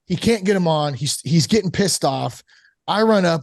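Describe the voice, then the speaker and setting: A man casually telling a candid personal story about fatherhood and recovery, animated, full of "like" and "you know". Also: high-pitched, fairly quick, vocal fry, no echo, clean studio sound. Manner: candid, animated, acts out quoted voices; frequent fillers like "like" and "you know". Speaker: sober father on a recovery podcast.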